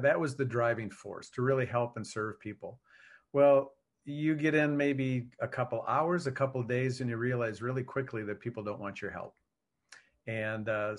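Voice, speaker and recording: A man in law enforcement answering interview questions in an earnest, measured way. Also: mid-range voice. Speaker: law enforcement officer, guest.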